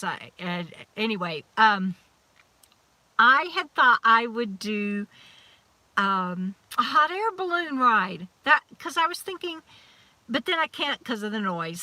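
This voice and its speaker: Bright chatty woman. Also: mid-range voice, no echo. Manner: chatty, rambling, frequent restarts and laughs. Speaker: live chat host. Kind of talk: casual live-stream chat.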